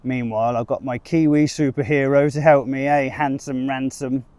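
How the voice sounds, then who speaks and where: A man's voice: mid-range voice, normal speed, mellow, no echo, natural voice. A man voicing a fussy, flirtatious woman who runs a village shop, speaking in a raised, fussing tone.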